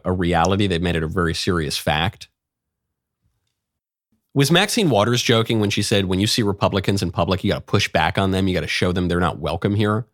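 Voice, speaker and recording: A man's voice: on the low side, dry recording, studio quality. A man delivering sarcastic political commentary, firing off rhetorical questions. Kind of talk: opinion commentary.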